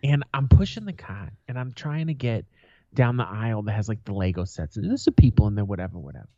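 A man co-hosting a podcast tells stories in a casual chat, coming across blunt, aggressive and full of swearing. His lowish, dark voice moves quickly with lively intonation, captured in a dry, slightly dull, lo-fi recording.

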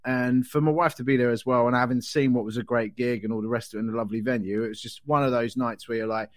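A man's voice: mid-range voice, fairly even intonation, fast, no echo, studio quality. A man, a comedian and promoter, chatting casually on a podcast, swearing freely and acting out what people said. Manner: swears freely, acts out quotes in a raised voice.

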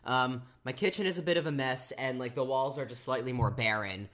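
A man's voice: medium pitch, fairly quick, a bit bright. A man co-hosting a podcast in casual chat, with loose talk full of fillers. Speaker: podcast co-host.

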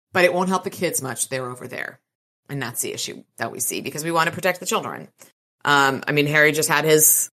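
A woman's voice: deep voice, bright, forceful tone. A woman co-hosting a podcast, chatting casually and agreeably about a book and reading passages of it aloud. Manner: agreeable, musing. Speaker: podcast co-host.

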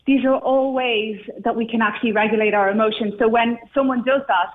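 A woman's voice: fairly high pitch, steady tone, brisk. Woman giving advice over a tinny phone line. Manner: upbeat, advising. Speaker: guest expert. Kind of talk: advice interview.

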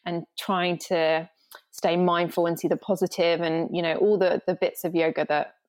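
A woman's voice: lowish voice, flat delivery, moderate pace, a little mellow. Rambling woman yoga guest. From England. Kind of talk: podcast interview.

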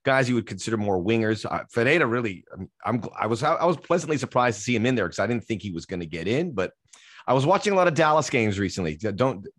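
A man hosting a casual soccer podcast, chatting and laughing easily with his guest, with quick asides. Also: medium pitch, expressive, a bit bright, no echo, clean studio sound. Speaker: podcast host.

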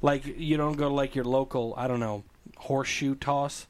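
A man's voice: medium pitch, fairly even intonation, brisk, a little mellow. A man hosting a casual podcast chat, teasing and joking with his guests. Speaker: podcast host.

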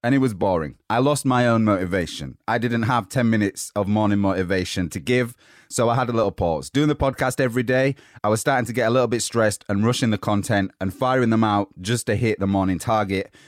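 A man hosting a motivational podcast, giving an upbeat, energetic pep talk while slightly out of breath. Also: fairly low pitch, fairly quick, dry recording, studio quality. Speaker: podcast host.

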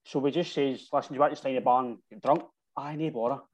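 A man's voice: medium pitch, steady tone, fast. Scottish man rambling through a story. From Scotland. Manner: rambling anecdotes with slang and frequent "right?". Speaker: football supporter telling stories. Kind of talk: casual chat.

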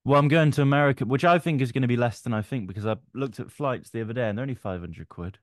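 A man's voice: medium pitch, no room sound, studio quality. A sweary young man spinning tales. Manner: animated storytelling, swearing, quick shifts to loud re-enacted quotes. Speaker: podcast co-host. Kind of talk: casual banter.

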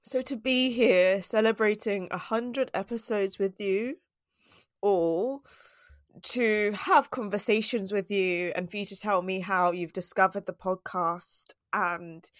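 A woman hosts her solo podcast, chatty and heartfelt. Her voice sits at an ordinary middle pitch. The recording is dry and close, with no room sound. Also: steady tone, slow pace, no echo. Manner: emotional, grateful, chatty. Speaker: podcast host.

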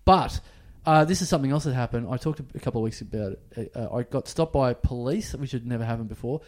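A man's voice: medium pitch, fast talker, a little mellow. A man, co-hosting a podcast and telling a rambling anecdote in casual chat, acting out bits of dialogue. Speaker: podcast co-host.

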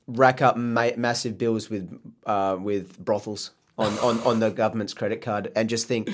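A man's voice: fairly low pitch, fairly even intonation, normal speed, hardly any pauses, slight background noise. A man, co-hosting a podcast in a laid-back, joking manner and laughing often. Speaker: podcast co-host. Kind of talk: casual podcast chat.

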